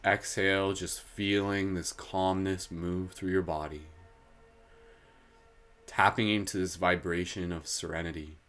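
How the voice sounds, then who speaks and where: Soft-spoken man guiding a meditation. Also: sits low, faint music behind. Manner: giggly, playful between calm guidance; slow, soft and soothing when guiding. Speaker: meditation host. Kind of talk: guided meditation.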